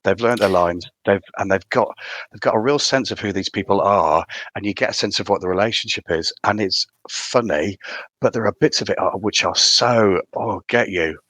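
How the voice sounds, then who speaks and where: Deep-voiced man talking theatre. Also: normal speed, a bit bright, dry recording. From North East England. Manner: enthusiastic, rambling with restarts. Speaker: theatre director guest. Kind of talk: casual interview chat.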